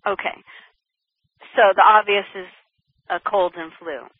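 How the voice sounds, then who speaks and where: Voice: medium pitch, fairly even intonation, a little slow, breathy edge, no room sound. A health practitioner talking casually about the immune system, chatty, laughing often and restarting mid-sentence. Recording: tinny phone line.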